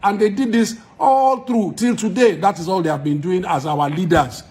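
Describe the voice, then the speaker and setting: Emphatic Nigerian man, slightly high voice. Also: normal speed, a little mellow. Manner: emphatic, argumentative, repeats points for force. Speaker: musician. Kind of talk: direct-to-camera address to followers.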